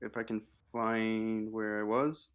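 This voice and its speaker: A man's voice: lowish voice, flat delivery, slow pace, clear, resonant tone. A man reading an article aloud on a casual livestream, stumbling with fillers and restarts.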